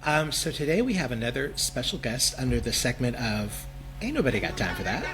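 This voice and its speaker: A man's voice: mid-range voice, big pitch swings, brisk, poor audio. A man in his sixties co-hosting a podcast in casual chat, playful and hesitant. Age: 60s. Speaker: podcast co-host. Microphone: home microphone on a remote call.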